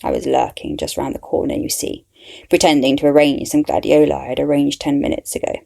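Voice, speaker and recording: A woman's voice: low-pitched, sing-song, fairly quick, creaky, dark tone. A woman narrating a story in the first person with a wry, dry manner.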